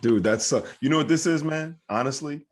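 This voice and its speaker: A man's voice: on the high side, normal speed, a little hiss or hum. A man hosting a podcast in casual chat, speaking emphatically and earnestly, peppered with dude and man.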